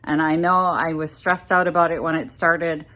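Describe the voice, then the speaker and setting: A middle-aged woman with a low, deep-set voice talks straight to the camera in an easygoing vlog. She chats through each step of a furniture project at home and mutters to herself when things go badly. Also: flat delivery, moderate pace, fairly bright tone. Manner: chatty, talks to camera while working, mutters when frustrated. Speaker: furniture flipper vlogger. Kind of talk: casual workshop vlog. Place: home workroom indoors.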